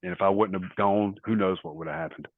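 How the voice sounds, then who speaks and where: Middle-aged male guest, lowish voice, anecdotal and rambling, phone-quality audio. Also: steady tone, fast talker, dry recording. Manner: rambling anecdotal storytelling with quoted dialogue. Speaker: interview guest, former wrestler. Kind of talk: casual storytelling interview. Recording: tinny phone-like line, dry.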